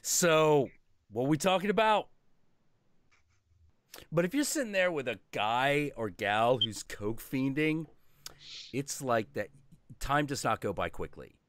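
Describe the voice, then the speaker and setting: A man chatting on a livestream, swearing freely and acting out the people in his stories. His pitch swings widely as he tells them. The sound is dry and close. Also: lively intonation, unhurried, long pauses, fairly bright tone, dry recording. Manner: profane, rambling storytelling with mock-quoted voices. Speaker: stream host. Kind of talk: casual chat.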